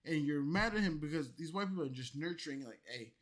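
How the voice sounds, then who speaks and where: Man, tipsy, profane rant, fairly high voice, loud outbursts then mumbling, reacting to clips. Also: quick pace. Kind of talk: loose ranting commentary.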